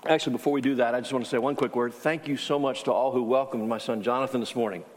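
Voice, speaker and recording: A man's voice: medium pitch, fairly even intonation, quick pace. A man preaching a sermon as pastor, telling a story in a conversational way with frequent restarts. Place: church sanctuary. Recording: long hall reverb.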